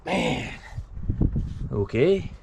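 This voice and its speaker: A man's voice: fairly high pitch, sing-song, extremely slow, gravelly, noisy background. A man working as a mechanic who talks casually and thinks aloud while he works on an engine in a truck repair shop. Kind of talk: casual work vlog, talking while repairing.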